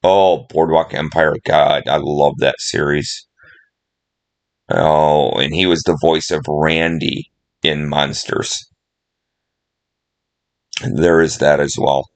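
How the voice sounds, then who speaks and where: A middle-aged man talks casually about favorite films in a very deep voice. He speaks slowly, rambling and emotional, with frequent fillers and restarts. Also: steady tone. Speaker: movie vlogger. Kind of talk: casual movie talk.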